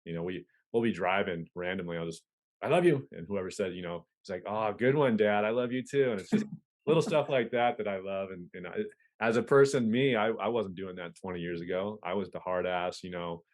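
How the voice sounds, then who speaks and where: A man's voice: low voice, steady tone, brisk. A man talking candidly as a podcast guest, casual and profane, with frequent restarts. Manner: candid, profane, stop-start. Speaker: podcast guest, police officer. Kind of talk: casual conversation.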